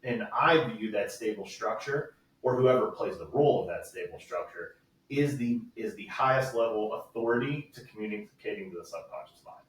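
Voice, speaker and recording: A man's voice: on the low side, animated, normal speed, far from the mic. A man talking frankly in a casual podcast conversation, swearing freely and telling stories with energy. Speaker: podcast guest. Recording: echoey room, voice off the mic.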